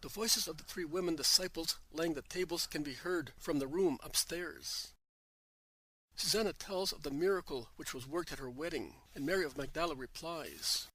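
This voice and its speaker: A man narrates a devotional audiobook in a measured, plain way. His voice is fairly high and bright with a husky grain. The recording is close and dry. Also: lively intonation, no room sound, poor audio.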